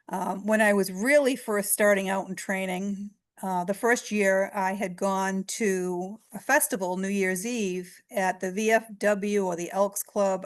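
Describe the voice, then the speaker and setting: A middle-aged woman, a psychic medium, chattily recounting her early readings in an interview, hoarse and losing her voice. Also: medium pitch. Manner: chatty, retells exchanges with quoted voices. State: losing her voice, clearing throat. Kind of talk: storytelling in an interview.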